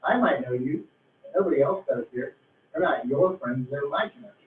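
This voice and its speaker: A man's voice: a little high, expressive, fairly quick, slight background noise. A man giving a motivational talk to a group, emphatic and repetitive, drawing out words to press his point. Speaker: motivational speaker. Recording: tinny, roomy, distant from mic.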